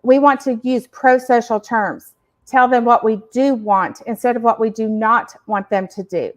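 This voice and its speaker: Woman, co-host, casual parenting talk, laughs between points, fairly high voice. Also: steady tone, moderate pace. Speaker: podcast co-host.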